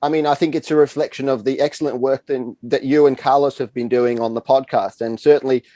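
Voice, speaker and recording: A man's voice: medium pitch, steady tone, a little fast, mellow. Brief: male awards host, playful and self-mocking, dry wit, remote video setup. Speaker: awards presenter. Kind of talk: tongue-in-cheek awards hosting.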